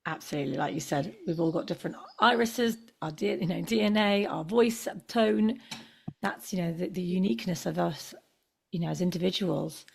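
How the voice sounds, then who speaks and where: A woman hosting a spiritual interview, talking in a halting way with many restarts and fillers. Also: on the low side, vocal fry. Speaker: podcast host. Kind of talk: casual spiritual interview chat.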